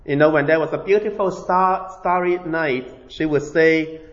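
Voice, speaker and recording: A man telling a saint's life story in a sermon, halting often with fillers and restarts. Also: a little high, fairly even intonation. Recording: dull lo-fi recording.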